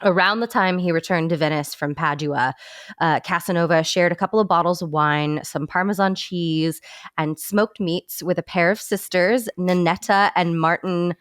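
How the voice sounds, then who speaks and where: A woman's voice: lowish voice, moderate pace, no room sound, studio quality. A woman co-hosting a comedy podcast, reading a story from notes with small stumbles and giggles. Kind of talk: casual comedy podcast narration.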